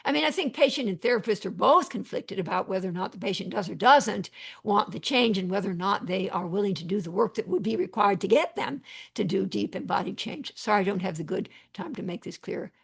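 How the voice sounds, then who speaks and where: Gravelly, husky woman teaching online. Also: medium pitch, animated, fairly quick. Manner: rambling, warm thanks, repeats phrases, many fillers. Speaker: psychiatrist and webinar teacher. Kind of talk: live online teaching, reading chat questions.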